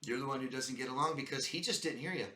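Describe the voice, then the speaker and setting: Emphatic male life coach, bright voice. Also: mid-range voice, fast talker, roomy sound. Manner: emphatic and repetitive, addresses viewers as "guys". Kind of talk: direct-to-camera advice monologue.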